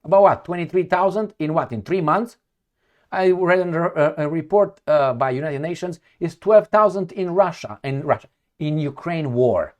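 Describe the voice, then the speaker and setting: A man's voice: fairly high pitch, normal speed, a little mellow. A man reading news aloud and reacting with heated sarcasm, often searching for words and repeating himself as he goes. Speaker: political commentator.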